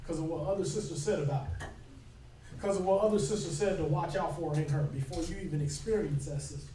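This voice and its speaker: A man's voice: a little high, fast talker, warm tone. A man teaching a scripture class in an informal sermon style, talking conversationally and often checking in with "right?". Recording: echoey room recorded from far off.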